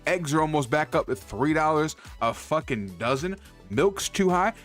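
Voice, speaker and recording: A man on a livestream, fired up and cursing through a rant, his voice lifting a little higher than most men's. His pitch swings widely as he gets heated, repeating himself mid-sentence. Faint music plays underneath. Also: moderate pace. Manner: swears constantly, animated, repeats himself when heated. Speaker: streamer ranting about card prices. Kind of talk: profane heated rant to stream chat. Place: indoor streaming setup.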